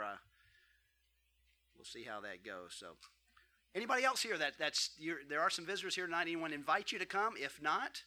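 A man's voice: fairly high pitch, bright, forceful tone. A man giving church announcements in a friendly, rambling way with frequent restarts. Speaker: church leader making announcements.

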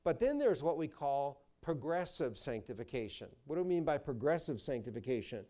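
A man pastor preaching a sermon, reading verses slowly with emphasis and telling stories with bursts of animation. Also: fairly high pitch, very animated, dark tone.

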